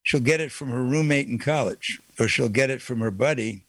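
A man's voice: mid-range voice, a little fast, fairly bright tone, no room sound. A man hosting a call-in radio talk show, speaking emphatically and repeating his key phrases for weight.

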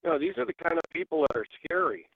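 A man calling in to a radio show, speaking earnestly and haltingly over a phone line. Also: a little high, big pitch swings, creaky, no room sound. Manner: earnest, halting, repeats words. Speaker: caller. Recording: muffled phone call.

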